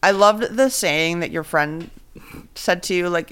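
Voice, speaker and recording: A woman's voice: lowish voice, a little slow, a bit bright, smooth. A woman hosting a podcast, chatting casually in a giggly, rambling way with lots of fillers. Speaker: podcast host. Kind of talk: casual chat.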